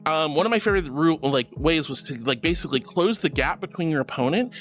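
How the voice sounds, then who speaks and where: A woman streaming live, chatting with her viewers in a bubbly, affectionate way. She calls them sweetie and honey, giggles often, and has a voice that is a bit deep for a woman. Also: animated, fast, faint music behind. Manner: giggly, playful asides. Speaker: VTuber streamer. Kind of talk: livestream chat with viewers.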